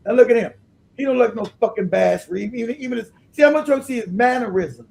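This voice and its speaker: Streamer host, man, high pitched and gravelly, profane laughing rant. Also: animated, fairly quick, darkish tone, rough recording. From California. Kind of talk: casual livestream rant.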